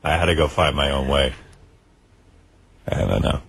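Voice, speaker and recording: A man's voice: extremely low pitch, steady tone, moderate pace, gravelly, a bit bright, slightly rough, no echo. Rambling, self-deprecating male radio host. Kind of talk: radio talk show chat. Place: radio studio.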